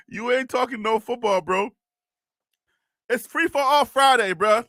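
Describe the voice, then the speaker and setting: High, bright-voiced man hosting a live stream. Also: measured pace, dry recording. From North Carolina, US South. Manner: animated, laughs often, repeats words, talks to chat. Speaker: live-stream sports show host. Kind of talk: casual live-stream chat.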